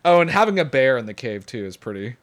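Young male podcast co-host, casual joking chat, average pitch. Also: quick pace. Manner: joking, animated asides. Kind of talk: casual chat watching a movie.

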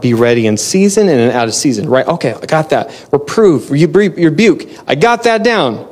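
A man with a slightly high voice gives a relaxed, conversational sermon. He talks in a chatty way, interrupts and restarts himself, and laughs often. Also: a little fast, few pauses. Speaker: pastor.

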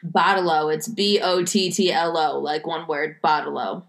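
A woman's voice: sits low, a little slow, creaky. A woman from the United States in casual chat, quizzing a friend on slang and giving example sentences with a teasing manner. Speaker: quiz giver in a word game.

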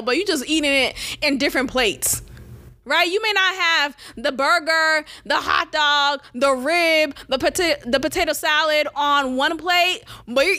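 Podcast host lady, high voice, talks blunt n lively, laughs a lot and swears. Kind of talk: casual solo podcast rant.

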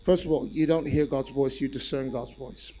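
A male preacher giving a sermon in an animated, repetitive way and calling out to the congregation. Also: mid-range voice, moderate pace, low-quality recording.

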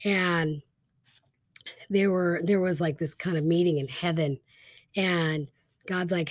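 A woman casually retelling a Bible story as a teacher, chatty and animated, with lots of fillers. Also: lowish voice, slow pace, pauses often, no echo, studio quality.

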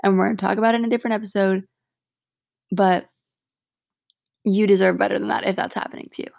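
A woman's voice: mid-range voice, fairly even intonation, fast, creaky, a little mellow, no echo. A young woman hosting a solo podcast, talking frankly and from the heart, swearing freely and saying "like" a lot. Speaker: podcast host. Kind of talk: casual solo podcast monologue.

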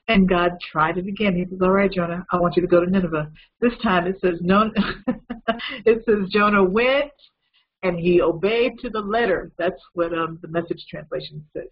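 A man preaching a lively, conversational Bible lesson, retelling a story with asides to his listeners. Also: sits high, gravelly, husky, dull audio. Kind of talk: storytelling sermon.

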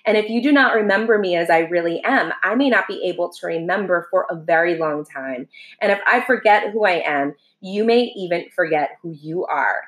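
A woman voicing a kind, loving soul who talks softly and patiently. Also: lowish voice, lightly acted. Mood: earnest. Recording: roomy echo.

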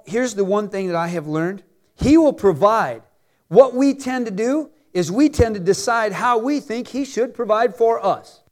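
Pastor guy preaching, high voice, drags out the bible verses slow. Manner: swings between loud emphatic preaching and quiet asides; stretches out scripture quotes slowly for emphasis. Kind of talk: sermon.

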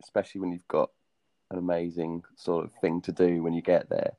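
A young English man in casual chat, telling a travel story with lively acted-out quotes. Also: deep voice, fairly quick, dry recording. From Britain.

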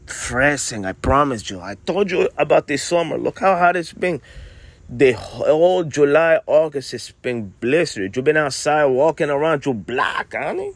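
A man's voice: on the high side, expressive, measured pace. A man co-hosting a podcast in casual chat, teasing his co-host and calling him "honey" and "man".

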